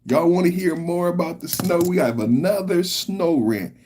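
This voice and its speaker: A man hosting a podcast, giving casual commentary in an animated, incredulous way. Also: sits high, moderate pace, a little hiss or hum. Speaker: podcast host.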